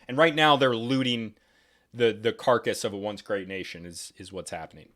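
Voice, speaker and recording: A man hosting a podcast, talking in a rambling, animated way with frequent restarts and digressions. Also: on the low side, normal speed. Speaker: podcast host. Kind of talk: casual podcast conversation.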